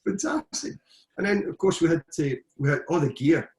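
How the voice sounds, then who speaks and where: A middle-aged man, telling stories from his football career in a casual, animated way as an interview guest. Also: a little high, a little fast, roomy sound. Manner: anecdotal, animated retelling with frequent restarts. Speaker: guest, former footballer and coach. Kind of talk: casual storytelling.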